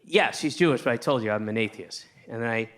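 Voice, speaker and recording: A man doing a stand-up routine, telling a rambling story with lots of restarts and sudden shouted outbursts. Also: medium pitch, fast talker. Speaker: stand-up comedian. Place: comedy stage with a live audience.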